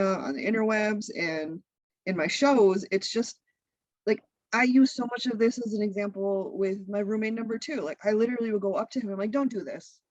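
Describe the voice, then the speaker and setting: A woman guest on a podcast, a content creator and comedian, talking in a blunt, profane, animated way. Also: medium pitch, dry recording, dull audio. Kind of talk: casual interview chat.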